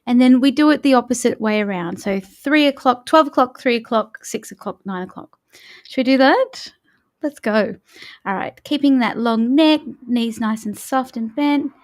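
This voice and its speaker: A woman vocal coach leading a morning warm-up, chatty and encouraging as she talks the listener through each step. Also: on the high side, normal speed.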